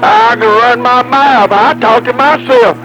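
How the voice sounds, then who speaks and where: An older retired man on CB radio, rambling in a slow, drawn-out, talkative way. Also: very high-pitched, fairly even intonation, highs cut off. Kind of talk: CB radio banter.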